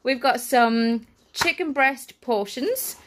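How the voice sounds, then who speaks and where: A woman's voice: high voice, slow, background noise. A young woman, pregnant and out of breath, chatting through a family grocery haul and correcting herself as she goes. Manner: chatty, self-correcting, laughs easily. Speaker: family vlogger. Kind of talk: casual grocery haul chat.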